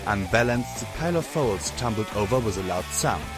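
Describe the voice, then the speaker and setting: A man narrating an audiobook in a low voice, slow and measured. Music plays clearly underneath him. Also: animated. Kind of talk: scripted narration. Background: background music.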